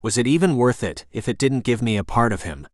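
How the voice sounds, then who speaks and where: A man narrating a romance audiobook in the first person, in a measured, introspective way. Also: medium pitch, expressive, no echo, studio quality.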